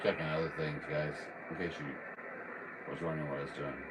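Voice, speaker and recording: A man's voice: a bass voice, level tone, fairly quick, very noisy. A man running his own radio station, calling out to other operators in folksy, chatty patter from a desk mic at home. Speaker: radio operator hosting the stream.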